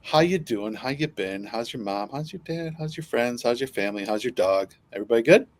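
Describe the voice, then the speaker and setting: A man's voice: medium pitch, lively intonation, fairly quick. A man with a Wisconsin accent, co-hosting a casual podcast in a laid-back, joking way. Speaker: podcast co-host. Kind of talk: casual bar-style chat.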